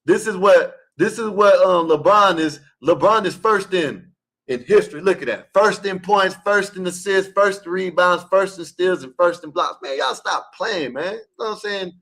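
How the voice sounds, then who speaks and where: A man's voice: sits high, normal speed, fairly bright tone. A man calling into an online panel, arguing a sports debate in an emphatic, repetitive way and scolding his listeners. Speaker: caller in an online open panel. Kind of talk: heated casual sports debate.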